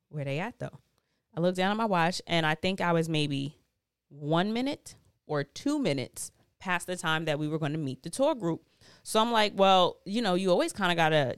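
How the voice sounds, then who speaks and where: A casual woman spinning a travel story for her podcast, swearing freely and tossing in slang as she goes. Her voice sits a little low and comes through smooth and clear. The sound is close and dry, with no room around it. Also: no room sound. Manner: chatty, profane, animated retelling with slang. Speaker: podcast host.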